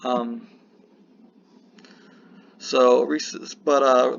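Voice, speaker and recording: A man's voice: medium pitch, steady tone, a little slow, gravelly, long pauses, a bit bright. A man giving casual political commentary in a vlog, rambling and breaking off with apologetic asides. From United States. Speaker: political vlogger. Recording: slightly muffled with faint hiss.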